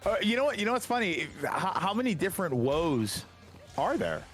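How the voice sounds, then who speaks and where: A man's voice: high-pitched, normal speed, soft background music. A man hosting a casual charity livestream, chatting with friends and reading out donations. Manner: animated, reads out donations. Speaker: charity stream host.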